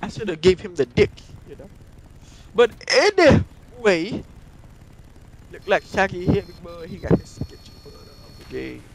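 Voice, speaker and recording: Male gameplay commentator, high voice; profane, broken-grammar rambler, endless "you know". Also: wildly swooping pitch, unhurried, creaky, background noise. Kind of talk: rambling comic storytelling over gameplay.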